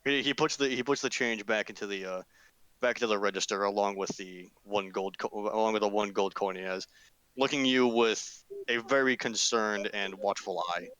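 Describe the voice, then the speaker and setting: A man's voice: on the low side, steady tone, moderate pace, a bit bright, smooth, no echo, poor audio. A man narrating as game master in a casual tabletop game with friends, rambling, full of fillers and swearing.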